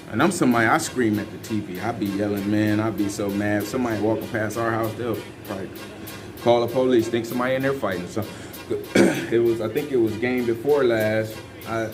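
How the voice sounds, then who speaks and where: A man, giving loose, rambling and emphatic fan commentary on his team. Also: medium pitch. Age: 50s. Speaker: sports fan vlogger. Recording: faint music underneath.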